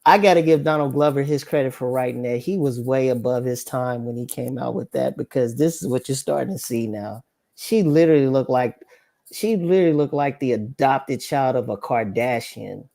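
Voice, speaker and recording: Casting note: male caller, mellow dark tone, insistent, keen to speak. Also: mid-range voice, normal speed, creaky. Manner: eager, insistent. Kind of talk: casual chat.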